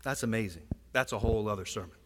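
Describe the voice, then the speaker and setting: A pastor with a lowish voice preaches quickly in a church sanctuary, keeping his sermon conversational with plenty of asides and "right?" checks aimed at the congregation. Background noise is present, and the hall has a long reverb.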